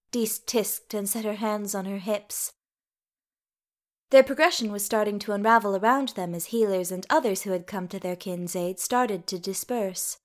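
A woman reading a story aloud in a steady, even narration. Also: mid-range voice.

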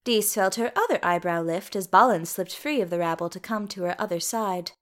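A woman reading a story aloud in a steady, even narration. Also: medium pitch, brisk.

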